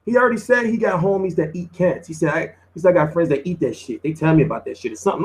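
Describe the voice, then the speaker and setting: A man's voice: a little high, rapid-fire, few pauses. A man hosting a boxing news show, talking in a casual, slangy, laid-back way. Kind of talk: casual commentary.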